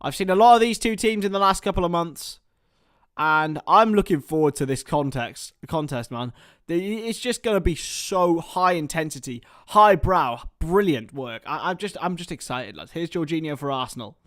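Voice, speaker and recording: A man doing chatty live football commentary for a watchalong stream, excitable and talking to his viewers. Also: fairly high pitch, normal speed, no room sound, clean studio sound.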